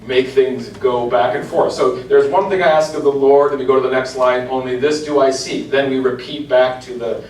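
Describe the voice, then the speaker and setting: A man's voice: mid-range voice, steady tone, normal speed, few pauses, recorded from a distance. A man, a church cantor, giving an informal lecture to an adult class and chanting example lines in rhythm. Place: church meeting room. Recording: echoey room, voice from afar, faint hiss.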